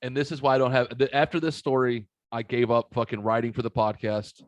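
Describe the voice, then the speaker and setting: Podcast host, middle-aged man, profane animated storyteller, dry close mic. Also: mid-range voice, brisk, dry recording, highs cut off. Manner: profane, animated storyteller saying dude a lot. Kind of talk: casual storytelling chat.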